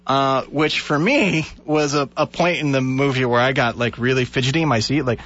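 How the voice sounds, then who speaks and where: A man's voice: medium pitch, normal speed. A man hosting a Christian call-in radio show, talking earnestly and telling stories animatedly. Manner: earnest, animated storytelling with laughs. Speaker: radio talk show host. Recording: dull lo-fi radio broadcast.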